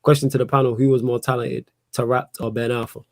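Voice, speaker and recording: A man's voice: medium pitch, level tone, fast talker, a little mellow, no room sound. A man hosting a casual sports chat, laid-back and slangy as he reads viewer questions. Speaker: host.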